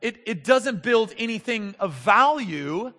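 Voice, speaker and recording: A man in his thirties preaching a sermon as pastor, moving between soft, intimate talk and loud, emphatic passages. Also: high voice, expressive, a little slow, in a large hall.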